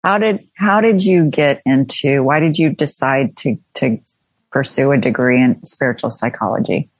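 A man hosting an interview, asking questions and offering quick, encouraging affirmations. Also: mid-range voice, no echo. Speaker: host. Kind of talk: casual interview conversation.

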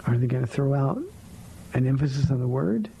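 A man's voice: mid-range voice, lively intonation, fairly quick, gravelly, dark tone, a little hiss or hum, rough recording. A man hosting a radio call-in show as a pastor, answering listener questions about faith in a firm, blunt, plainspoken way from a studio.

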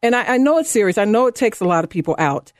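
A woman in her fifties hosting a talk radio show, delivering a fired-up, sarcastic monologue that climbs high when she gets indignant. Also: expressive, fast talker, no room sound, studio quality. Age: 50s. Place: radio studio. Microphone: studio microphone.

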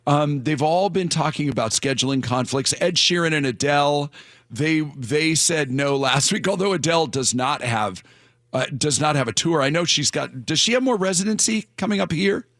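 A man's voice: on the high side, expressive, moderate pace, a bit bright, no echo, studio quality. A man hosting a morning radio show, chatting casually and rambling with repeated words.

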